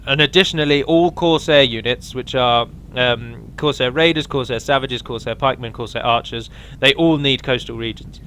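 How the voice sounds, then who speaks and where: A man's voice: medium pitch, normal speed, hardly any pauses, a bit bright, a little hiss or hum. A man giving a casual, rambling walkthrough of a strategy game mod, with frequent ums and restarts.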